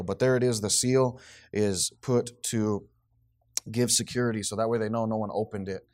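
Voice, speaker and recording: A man leading a Bible study with a small group, reading scripture aloud with rising force and then explaining it in a relaxed, conversational way. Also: lowish voice, normal speed. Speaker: Bible teacher.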